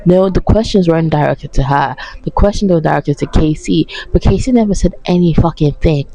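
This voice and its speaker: Sarcastic young woman with gravelly voice. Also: low-pitched, fairly quick, dark tone, low-quality recording. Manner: sarcastic, swearing, heated. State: tired. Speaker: vlogger reacting to a reality show. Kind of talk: casual reaction rant.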